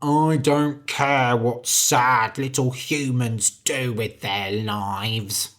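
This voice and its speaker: A narrator voicing a slow, gruff, mean giant. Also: mid-range voice, steady tone, a bit bright. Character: huge mean-tempered male giant.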